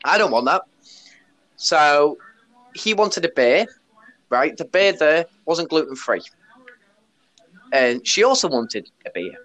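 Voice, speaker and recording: A man's voice: a little high, big pitch swings, slow pace, pauses often, a bit bright. A man tells a story on his podcast, blunt and casual. He swears freely and retells what people said. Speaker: podcast host; bar worker.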